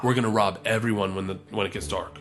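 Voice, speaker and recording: A man voicing a menacing, drunk male Russian mobster in a low, hushed, threatening tone while retelling a story. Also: fairly even intonation, fast, slight background noise, natural voice.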